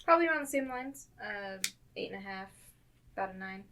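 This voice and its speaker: A woman's voice: mid-range voice, expressive, a little fast, noisy background. A woman co-hosting a casual movie podcast who talks bluntly, swears and laughs easily. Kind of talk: casual chat.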